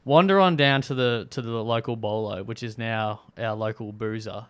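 A man's voice: fairly low pitch, moderate pace, a bit bright, smooth. A young Australian man co-hosting a podcast in casual chat, laid-back and slangy, with casual swearing. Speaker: podcast host.

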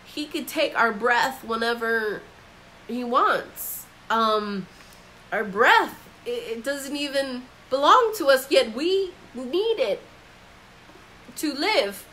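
A woman's voice: sits high, expressive, slow, pushed and bright, slight background noise, low-quality recording. A woman giving a casual Bible commentary, talking in a conversational way, filled with "like" and acted-out quotes. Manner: conversational, acts out quoted voices with frequent "like". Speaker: Bible teacher.

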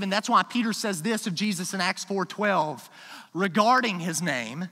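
A man preaching a sermon as pastor, emphatic, swinging between quiet asides and loud declarations. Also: high-pitched, animated, normal speed. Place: church sanctuary. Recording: long hall reverb.

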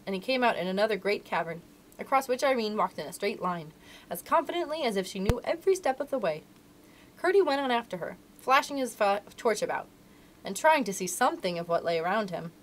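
A woman, a librarian, reading a storybook aloud to children in an expressive, animated way. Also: on the high side.

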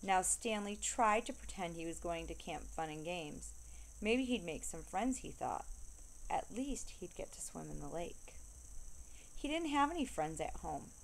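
A woman reading a children's novel aloud, steady storytelling that slows down to stress repeated refrains. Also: on the low side, gravelly, slight background noise. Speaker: reader.

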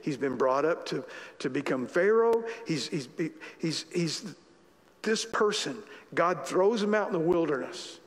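A man's voice: a little high, lively intonation, a little slow, in a large hall. A man preaching a sermon as pastor, talking conversationally and repeating phrases for emphasis. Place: church sanctuary.

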